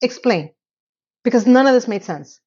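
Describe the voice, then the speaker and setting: A woman's voice: medium pitch, moderate pace, darkish tone, lo-fi sound. A woman giving a casual, sassy TV recap, talking straight to the viewer in a chatty way. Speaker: recap vlogger.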